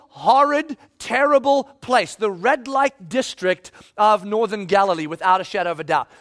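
A man preaching a sermon in an animated way, acting out voices and shouting at times for emphasis. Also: very high-pitched.

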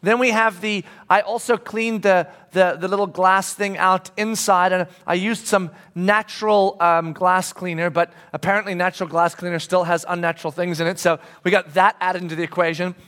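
Middle-aged male preacher, slightly high voice, conversational storyteller who restarts often and drops soft to reflect. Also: fairly even intonation, moderate pace, few pauses. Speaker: pastor. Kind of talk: sermon with a personal story. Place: church sanctuary.

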